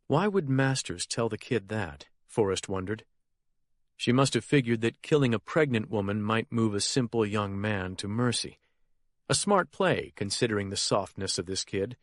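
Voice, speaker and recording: Man narrating a thriller, steady. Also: lowish voice, no echo, clean studio sound. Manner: steady, measured thriller reading. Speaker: audiobook narrator. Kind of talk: scripted narration.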